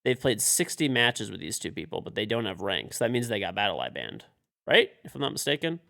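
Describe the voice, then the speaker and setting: A man's voice: fairly low pitch, big pitch swings, a little fast, gravelly, sharp tone. A man streaming a video game live, frustrated and swearing as he mutters to himself and talks to teammates. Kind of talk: live-stream commentary while playing.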